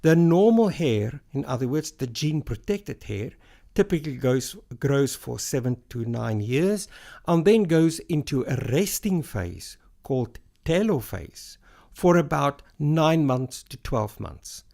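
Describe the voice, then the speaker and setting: Gravelly-voiced man explaining hair loss. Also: fairly high pitch, sing-song, dark tone. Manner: measured, explains step by step with analogies. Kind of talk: explanatory podcast interview.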